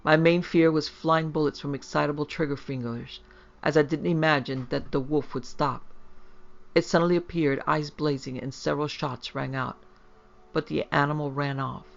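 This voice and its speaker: A man reading a horror story aloud in a measured, grave way. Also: on the high side, fairly even intonation, gravelly. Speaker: narrator. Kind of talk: scripted horror story narration. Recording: dull lo-fi.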